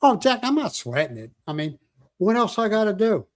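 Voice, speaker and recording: Older guy hosting a live chat, kinda high voice, rambly jokey stories. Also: big pitch swings, normal speed, darkish tone. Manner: joking, rambling storyteller. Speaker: livestream host.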